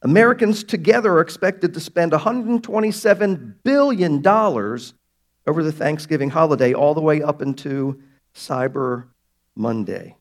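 A man pastor preaching a sermon to his congregation, emphatic and slowing down to stress key words. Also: on the high side, animated. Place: church sanctuary.

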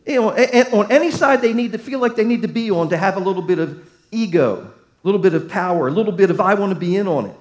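A man's voice: high-pitched, fast talker, a little mellow. A man preaching a sermon as pastor, emphatic, his voice swelling and dropping to drive points home.

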